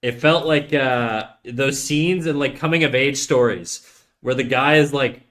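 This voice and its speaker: A man's voice: medium pitch, a little slow, fairly bright tone. Rambling man chatting while drawing. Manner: rambling, self-interrupting, jokey. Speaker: streamer giving drawing tips. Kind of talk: casual livestream chat while drawing.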